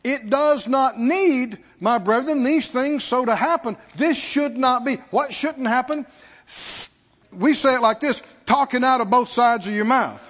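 A man's voice: very high-pitched, measured pace, a bit bright. A man preaching a sermon who calls out to the congregation and mockingly acts out worried believers. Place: church sanctuary. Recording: dull lo-fi recording with long hall reverb.

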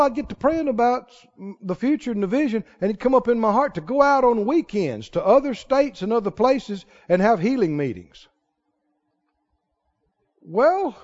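A man preaching a sermon, telling stories in an animated way and chuckling often. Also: very high-pitched. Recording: reverberant hall, muffled sound.

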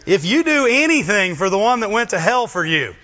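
A man preaching an animated sermon in a bright, forceful voice, keeps checking in with the crowd with quick questions. Slightly high for a man. The recording is dull and lo-fi. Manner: animated, asks the congregation questions.

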